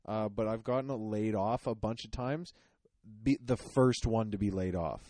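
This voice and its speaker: A man's voice: fairly low pitch, normal speed, warm tone, no echo. A young man co-hosting a podcast, telling rambling, self-mocking stories in casual comedic chat. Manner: rambling, self-mocking storytelling with many fillers. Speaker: podcast co-host.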